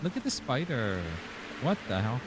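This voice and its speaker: A man's voice: mid-range voice, very animated, normal speed. A man casually chatting and exclaiming while he plays on a live stream. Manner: rambling, exclaiming, chuckling. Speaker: gaming streamer. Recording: game music playing underneath. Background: game music.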